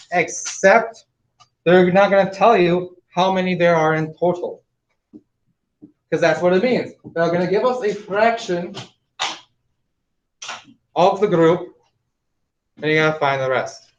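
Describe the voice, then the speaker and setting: A male math teacher giving classroom instructions, slowing down to spell out each step for students. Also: sits high, slight background noise. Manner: instructive, slows down to spell out steps. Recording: echoey, distant, dull classroom recording.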